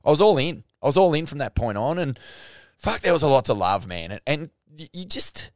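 A man with an Australian accent, co-hosting a podcast in casual surf talk, rambling and swearing excitably. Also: on the high side, a little fast, no echo, clean studio sound. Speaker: podcast co-host.

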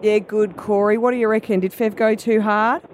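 A woman's voice: medium pitch, fairly even intonation, normal speed, a little hiss or hum, low-quality recording. A woman co-hosting a radio show, chatty and laughing easily as she takes calls. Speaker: radio co-host. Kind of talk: casual radio chat.

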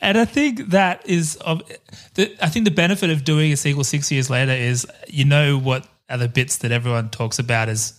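A man's voice: fairly high pitch, normal speed. A man co-hosting a casual film podcast, enthusiastic, laughing often and swearing freely. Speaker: podcast co-host. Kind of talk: casual chat.

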